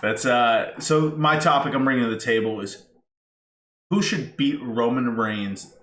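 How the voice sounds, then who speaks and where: A man's voice: medium pitch, a little slow, a bit bright, a little hiss or hum. A man co-hosting a podcast, easygoing and steering the talk to the next topic. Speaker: podcast co-host. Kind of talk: casual wrestling chat. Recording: echoey room.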